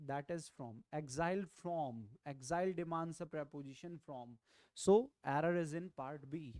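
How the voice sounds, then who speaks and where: A tutor with an Indian English accent works through a grammar lesson at an unhurried pace. Points are repeated and checked with "right?". The recording is dry, with almost no room sound. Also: mid-range voice, a little mellow, smooth, no echo. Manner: repeats key phrases, explains step by step. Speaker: exam prep tutor.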